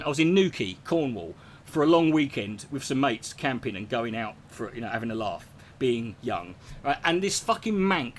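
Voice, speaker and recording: A man's voice: mid-range voice, a little hiss or hum. Sweary, rambling man. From England. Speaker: streamer answering chat. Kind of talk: casual profane rant.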